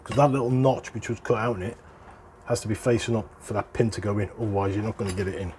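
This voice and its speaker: A man's voice: fairly low pitch, little pitch movement, fast talker, a little mellow, slight background noise. A middle-aged British man with a chatty, explanatory way of talking, walking through a hands-on repair. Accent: British English. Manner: chatty and explanatory, chuckles between points. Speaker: airgun hobbyist presenter. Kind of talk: casual hands-on repair walkthrough.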